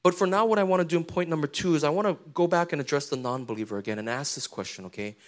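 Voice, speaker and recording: A pastor preaches in a casual, conversational way, tossing in slangy asides and often putting questions to the congregation. His voice is a little high, and he speaks at a racing pace.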